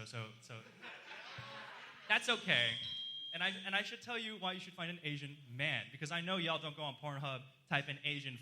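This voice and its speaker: A man's voice: fairly high pitch, pushed and bright. A man doing live stand-up comedy in a club, chatty and self-deprecating as he riffs with the crowd. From outside the US.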